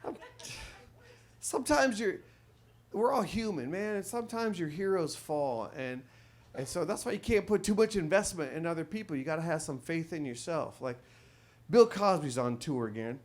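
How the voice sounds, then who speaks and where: A man performing a crude stand-up comedy set on a club stage, telling ornery stories with sudden loud outbursts. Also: fairly high pitch, lively intonation, normal speed.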